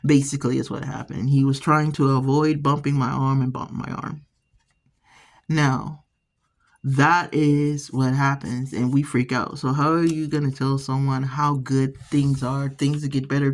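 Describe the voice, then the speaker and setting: A woman hosting an art channel, chatting casually while painting and rambling through stories with frequent restarts. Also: a bass voice.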